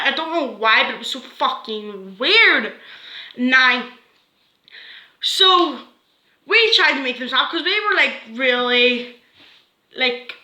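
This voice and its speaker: A woman's voice: high-pitched, sharp tone, reverberant, poor audio. A woman with a Northern Irish accent telling a story to camera in a rambling, swearing way, full of "like" fillers. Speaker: vlogger.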